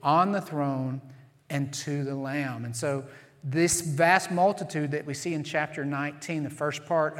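A man preaching a sermon as pastor, earnest and emphatic, slowing down to stress key phrases. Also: on the high side, fairly bright tone. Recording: long reverb of a large hall.

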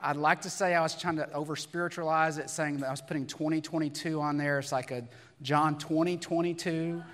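A hoarse pastor, his voice raspy and a touch higher than most men's, preaching to his congregation in a conversational way. He asks rhetorical questions as he goes, and a long reverb hangs over his words in a big church hall. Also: fairly even intonation, fairly quick, fairly bright tone. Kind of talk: sermon. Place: church sanctuary.

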